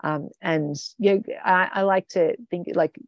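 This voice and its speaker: Low, gravelly-voiced woman coaching a group call. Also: fairly even intonation, unhurried, no room sound, muffled recording. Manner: rambling, many fillers and restarts. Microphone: video call.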